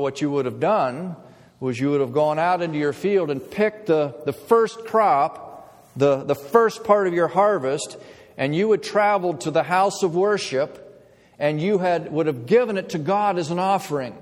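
A male pastor delivers a sermon to his congregation through a pulpit mic in the church sanctuary, using measured, emphatic phrases and deliberate pauses. His voice sits on the high side and is a little mellow, and the recording carries a long hall reverb.

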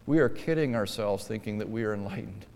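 Man preaching with a smooth, resonant voice. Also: fairly low pitch, fast, long reverb tail. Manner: emphatic preaching, swinging between quiet asides and forceful stressed lines. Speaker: pastor. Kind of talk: sermon.

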